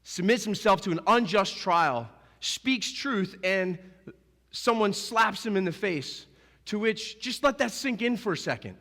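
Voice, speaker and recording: A male pastor preaching a sermon, animated and emphatic, acting out scenes as he goes. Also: sits high, measured pace, big-room sound. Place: church sanctuary.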